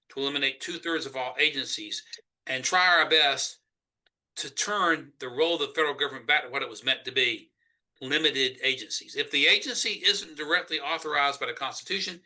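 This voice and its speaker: A man with a Southern US accent, speaking emphatically as a Senate candidate in a political interview. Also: on the high side. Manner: emphatic, forceful argument.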